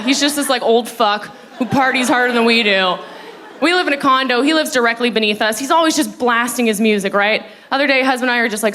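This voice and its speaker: A woman's voice: fairly high pitch, a bit bright. A young woman doing a stand-up set on stage, telling stories with giggles and mouth sound effects. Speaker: stand-up comedian. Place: comedy festival stage before a live audience. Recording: live stage recording with crowd laughter and noise.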